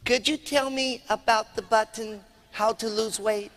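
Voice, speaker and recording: A man's voice: sits high, fairly even intonation, a little slow, fairly bright tone. A man doing a timid woman shopper. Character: shy overweight woman shopper. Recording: long hall reverb.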